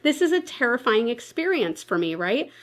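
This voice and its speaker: A woman's voice: fairly high pitch, big pitch swings, moderate pace. A woman in her twenties, chatting casually and telling a story while doing her makeup, with lots of "like" and frequent laughs. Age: 20s. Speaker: beauty vlogger.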